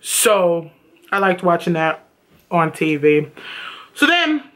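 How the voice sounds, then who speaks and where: A woman reviewing a TV episode in a casual vlog, blunt and profane, with a flat tone that can sound sarcastic. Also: lowish voice, slow. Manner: blunt and profane, animated retelling.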